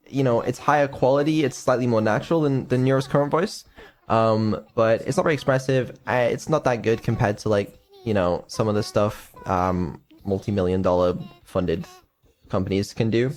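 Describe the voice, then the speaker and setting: A man's voice: medium pitch, darkish tone. Hesitant man mumbling through a dev stream. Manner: mumbling, hesitant, many ums, dry sarcasm. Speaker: developer and streamer. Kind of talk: casual stream chat.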